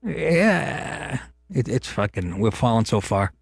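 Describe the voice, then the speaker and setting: Middle-aged man, talk host, profane sarcastic rant, swooping lively pitch, dry close sound. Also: slow, vocal fry, slightly rough, no echo, soft background music. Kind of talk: ranting political talk show monologue.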